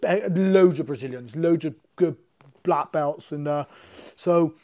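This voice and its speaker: A man from the UK, a guest telling animated, swear-filled stories in a casual chat. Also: on the high side, a little slow, muffled recording. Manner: animated, swearing, acts out quotes. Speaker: podcast guest, MMA fighter.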